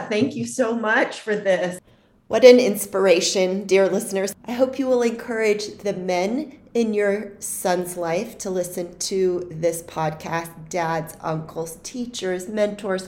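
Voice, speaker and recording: A woman's voice: fairly low pitch, darkish tone. A woman co-hosting a parenting podcast, closing the interview and reading sponsor messages. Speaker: podcast co-host.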